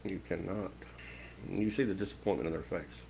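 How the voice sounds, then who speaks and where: A man giving a slow, stern spiritual lecture with long pauses, preaching in a measured voice. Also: sits low, steady tone, gravelly, a little mellow, a little hiss or hum, poor audio. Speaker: occult teacher.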